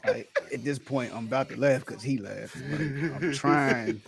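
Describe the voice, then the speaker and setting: A man's voice: mid-range voice, a little slow, gravelly, soft background music. A man co-hosting a podcast, telling a story in a laid-back way, laughing through it and swearing often. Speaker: podcast co-host. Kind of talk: casual podcast chat.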